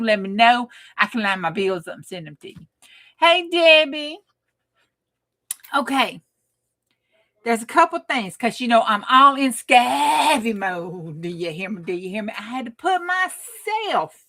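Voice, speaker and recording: A woman's voice: medium pitch, pushed and bright. A woman with a twang hosting a casual late-night crafting live stream, joking, bawdy and laughing as she greets viewers by name.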